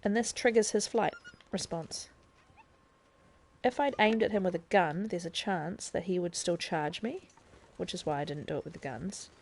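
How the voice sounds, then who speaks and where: A woman's voice: fairly low pitch, moderate pace. A woman streaming a video game live, chattily explaining the controls and thinking aloud as she plays. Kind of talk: casual live-stream gameplay tutorial.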